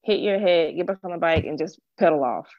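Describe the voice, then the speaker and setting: A woman's voice: on the low side, fairly quick, no echo, lo-fi sound. A woman co-hosting a podcast, chatting casually with a playful, teasing manner. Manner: playful, teasing, churchy phrases. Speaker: podcast co-host. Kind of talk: casual chat.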